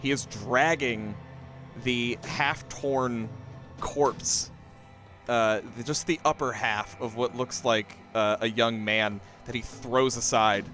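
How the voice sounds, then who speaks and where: A man runs a tabletop game, describing scenes in an unhurried, descriptive way. His voice sits in a middle pitch, and faint music plays underneath. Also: fairly even intonation, pushed and bright. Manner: unhurried, descriptive narration with fillers. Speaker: game master.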